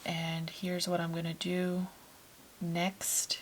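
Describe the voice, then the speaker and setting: A woman teaching a watercolour painting tutorial in a casual, chatty way, talking softly as she paints and sometimes dropping to a near-whisper. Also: on the low side, slow pace, rough recording. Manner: chatty and relaxed, with fillers and self-corrections.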